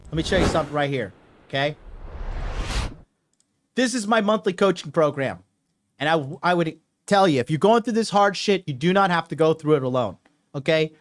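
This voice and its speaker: A man's voice: on the high side, expressive, normal speed, pauses often. A young adult man giving a solo advice talk as a dating coach, profane and emphatic, repeating points over and over.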